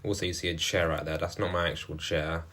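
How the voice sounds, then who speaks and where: Deep-voiced young man vlogging. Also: level tone, fast, a bit bright. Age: 20s. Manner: earnest, self-motivating, repeats phrases. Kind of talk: personal video diary. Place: various, including outdoors at a grave.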